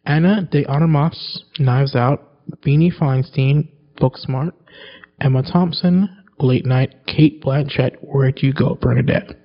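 A man's voice: mid-range voice, slow pace, vocal fry. A man in casual chat about movie awards, rambling and cutting himself off, reading out lists of nominees. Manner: rambling, self-interrupting, reads nominee lists. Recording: dull lo-fi recording.

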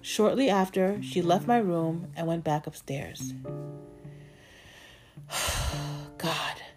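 Gentle woman telling a personal story. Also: fairly low pitch, drawn-out words, music in the background. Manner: gentle, earnest, reflective. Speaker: narrator.

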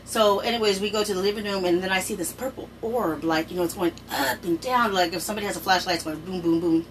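Fast-talking middle-aged woman telling a story. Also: far from the mic, a little hiss or hum, low-quality recording. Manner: animated, jumps high in pitch when quoting people, swears freely. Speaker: storyteller recounting a personal experience. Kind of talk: casual storytelling.

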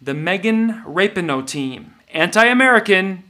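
Bright, high-voiced sarcastic male host. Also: expressive, a little slow. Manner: sarcastic and mocking, punchy delivery. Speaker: host of a political commentary show. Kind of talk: comedic political commentary.

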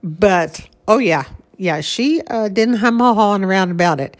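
A woman's voice: medium pitch, animated, normal speed. Older woman reminiscing with laughs. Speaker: grieving daughter recalling her mother. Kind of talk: casual conversation.

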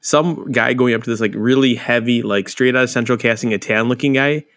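Fast-talking, swearing podcast co-host man. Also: medium pitch, fairly bright tone. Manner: rambling, swears freely, tells stories. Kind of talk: casual podcast chat. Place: Chicago area.

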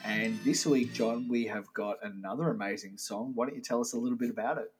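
A man from Australia co-hosting a comedy podcast, playful and teasing, quick to laugh. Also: medium pitch, faint music behind, poor audio. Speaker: podcast co-host. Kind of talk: casual comedy chat.

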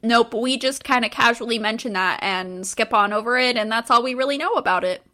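A woman's voice: on the high side, a little fast, bright, forceful tone. A woman co-hosting a casual book podcast, blunt, profane and sarcastic. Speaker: podcast co-host.

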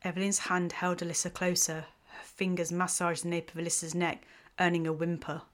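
A woman reading a romance story aloud in an even, measured way. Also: on the low side. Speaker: host and story narrator. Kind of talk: scripted story narration.

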